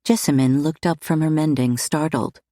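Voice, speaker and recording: Low-voiced woman narrating an audiobook. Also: fairly even intonation, normal speed, mellow, dry recording, clean studio sound. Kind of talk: scripted narration.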